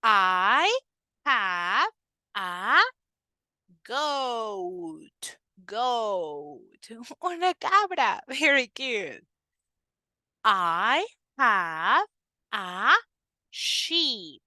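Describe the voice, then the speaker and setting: A woman teaching a children's language lesson, speaking slowly and clearly, coaxing kids to repeat after her and making playful animal sounds. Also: medium pitch, big pitch swings, sharp tone, dry recording.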